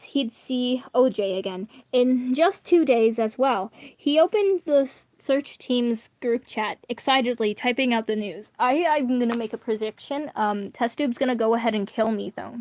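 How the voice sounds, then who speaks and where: A woman's voice: fairly high pitch, darkish tone, no room sound. A woman reading online fan fiction aloud in a casual, chatty way, often stumbling and correcting herself. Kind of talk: casual read-aloud with asides.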